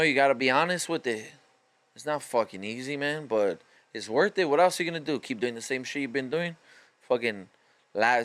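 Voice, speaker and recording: A man's voice: mid-range voice, fairly bright tone, clear, resonant tone. A man hosting a solo podcast, delivering a profane, fired-up motivational rant in casual street slang. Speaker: podcast host.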